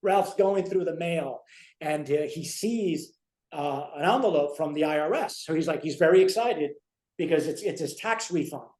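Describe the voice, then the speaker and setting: A man in his forties chats casually, rambling with lots of fillers as he retells scenes. His voice sits fairly high. The room sounds roomy and echoing. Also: moderate pace, darkish tone. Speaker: co-host. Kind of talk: casual chat. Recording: roomy echo.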